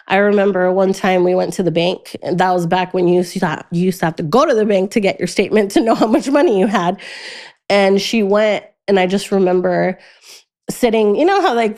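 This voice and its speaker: As a guest in a relaxed interview, a young woman recounts her life in a chatty way with a medium-pitched, somewhat dark voice. Her pitch leaps when she quotes others, and she laughs frequently.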